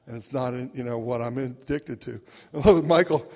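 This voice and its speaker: A man speaks at a recovery gathering in a wry, conversational way, chuckling through his story and tossing in little asides. His voice sits in an ordinary middle pitch. It rings out with the long reverb of a large hall, as heard through a PA microphone. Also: fairly quick, a little mellow. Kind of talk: humorous personal storytelling talk.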